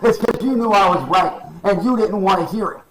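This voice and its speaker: High-voiced man ranting angrily. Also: fairly quick, a little hiss or hum, poor audio. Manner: angry, profane, insulting rant. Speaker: streamer in a played clip.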